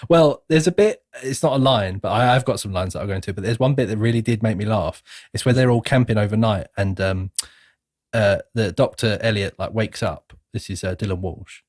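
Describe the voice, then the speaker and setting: A man co-hosting a casual film review podcast, an animated storyteller who acts out scenes with sudden squeaky voices. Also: moderate pace, no room sound, clean studio sound. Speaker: podcast co-host.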